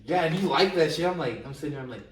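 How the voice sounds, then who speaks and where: A man's voice: on the high side, expressive, racing. Blunt young man, echoey and distant. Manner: teasing, blunt, slangy. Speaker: podcast co-host. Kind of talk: casual chat. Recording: roomy echo, far from mic, faint noise.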